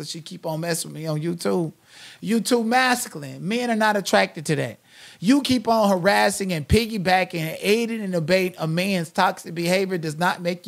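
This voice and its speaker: A man with a gravelly, raspy edge to a fairly high voice, hosting a live-stream commentary show. He delivers blunt, sassy opinions with heavy emphasis and plenty of attitude. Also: a bit bright. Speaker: channel host and commentator.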